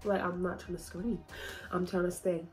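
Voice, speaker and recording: A young woman talks casually to her viewers in a vlog. Her voice sits a little low, and she is chatty and emotional, often laughing and holding back tears. Faint music plays behind her. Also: level tone, moderate pace, darkish tone. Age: 20s. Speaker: YouTuber.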